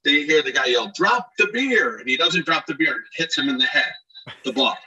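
A middle-aged man from Scranton telling animated anecdotes in a casual podcast chat, acting out shouted quotes. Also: a little high, fairly quick, breathy edge, recorded from a distance, rough recording. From Scranton, Pennsylvania. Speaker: podcast guest, actor and DJ. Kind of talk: casual storytelling.

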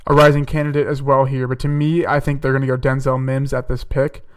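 A young podcast host talks through his football mock-draft picks on his own, chatty and casual, leaning on fillers and correcting himself. His medium-pitched voice is smooth, clear and level, though it was recorded from a little way off the mic.

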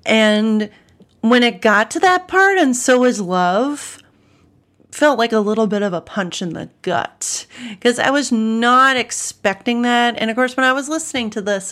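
A woman's voice: on the high side, a bit bright. A woman in casual podcast chat, thinking aloud and correcting herself as she recalls things. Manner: reflective, searching for words with self-corrections.

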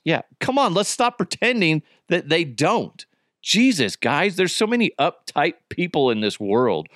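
A man's voice: fairly high pitch, very animated, a little slow, a bit bright, no echo, clean studio sound, soft background music. A middle-aged man hosting a podcast, ranting about news headlines in a profane, exasperated, comedic way. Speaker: podcast host.

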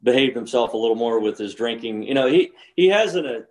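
Older man in his sixties, casual co-host, mid-pitched, rambling anecdotes with restarts. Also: lively intonation, a little fast, darkish tone. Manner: rambling storyteller with frequent restarts. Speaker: podcast co-host, former pro golfer. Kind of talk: casual chat.

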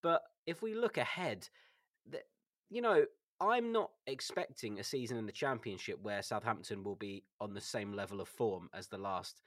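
A man's voice: on the low side, lively intonation, moderate pace, dry recording, clean studio sound. A man co-hosting a football podcast, thoughtful and hesitant, full of fillers. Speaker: podcast co-host. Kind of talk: casual chat.

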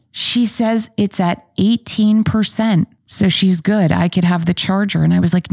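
A woman's voice: medium pitch, fairly even intonation, normal speed, gravelly, hardly any pauses, darkish tone, husky, no echo, studio quality. A woman hosting a podcast, telling stories in a candid, chatty way with playful asides. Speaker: podcast host. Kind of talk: casual solo podcast chat.

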